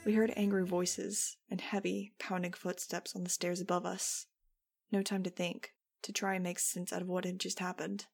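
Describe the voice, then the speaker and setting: Low, gravelly woman reading an audiobook. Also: little pitch movement, normal speed. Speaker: audiobook narrator. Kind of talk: first-person audiobook narration.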